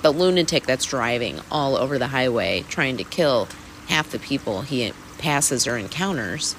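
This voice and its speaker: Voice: mid-range voice, a bit bright, slight background noise, rough recording. A person hosting a weekly mindfulness talk, speaking candidly and casually, laughing and swearing now and then. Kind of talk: casual reflective self-help talk. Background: rain.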